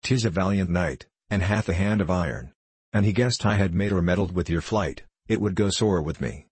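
A man's voice: low-pitched, normal speed, darkish tone, slightly rough, no echo. A man reading the part of a bold young forester who speaks bluntly and boastfully in archaic words.

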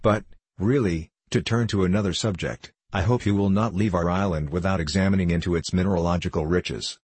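An earnest, good-hearted scholar, voiced by a man, welcoming a guest with formal courtesy. The voice is deep and slightly husky, with a dry, close sound. Every phrase comes out polite and measured, as in a storybook reading. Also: darkish tone, no echo. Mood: courteous. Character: kindly earnest male scholar, a polite host.

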